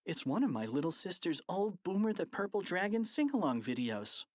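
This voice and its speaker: An audiobook reader voicing an excitable young schoolboy sidekick with a wide-eyed, eager delivery. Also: mid-range voice, moderate pace, no echo, studio quality, pitched above the performer's own voice. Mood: explaining. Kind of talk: audiobook character voice.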